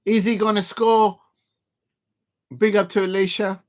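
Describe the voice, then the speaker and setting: A man's voice: sits high, little pitch movement, a little slow. A man streaming a live football reaction, chatty and laughing, calling out his viewers. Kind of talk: live match reaction commentary.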